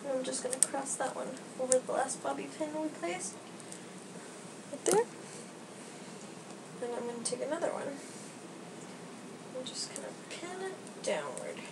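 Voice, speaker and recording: A woman's voice: high voice, expressive, a little slow, long pauses, heavy background noise. Chatty young woman hair vlogger. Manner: chatty, self-deprecating, rambling with many likes. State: slightly out of breath. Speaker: beauty vlogger. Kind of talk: casual hair tutorial.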